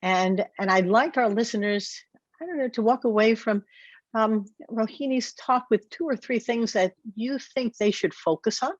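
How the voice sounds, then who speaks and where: An older woman hosting a podcast interview, reflective and quick to laugh. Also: a little high, no room sound, dull audio. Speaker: podcast host. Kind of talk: conversational interview.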